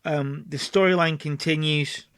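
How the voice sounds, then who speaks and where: A man's voice: on the high side, fairly even intonation, measured pace, a bit bright, smooth, no echo, clean studio sound. A man hosting a casual let's play, chatty, narrating and acting out scenes. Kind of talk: casual game commentary.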